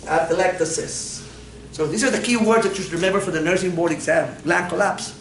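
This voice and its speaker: High-voiced playful male lecturer. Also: brisk, creaky, fairly bright tone. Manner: playful, quizzing students, frequent laughs. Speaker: anatomy lecturer. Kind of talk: classroom lecture. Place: classroom. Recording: echoey classroom from far off.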